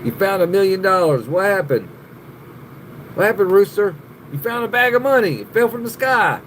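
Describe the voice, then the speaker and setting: A man hosts a casual live stream, greeting viewers by name and rambling through jokes laced with swearing. His voice sits a little high for a man, with a faint hum in the background. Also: lively intonation, normal speed, a bit bright. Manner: rambling, profane, laughing often, greeting viewers.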